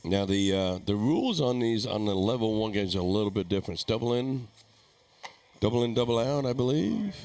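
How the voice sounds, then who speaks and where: Man, darts commentator, low voice, easygoing, chatty, live play-by-play. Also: lively intonation, brisk, darkish tone. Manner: easygoing, chatty, laughs easily.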